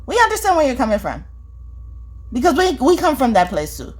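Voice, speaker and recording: Husky woman doing a spiritual reading vlog, swinging pitch all over, cussing folks out and asking "okay?" every line. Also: huge pitch swings, a little fast. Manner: profane, scolding, repeats herself, says "okay?" often. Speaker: spiritual reader. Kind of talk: confrontational spiritual vlog monologue.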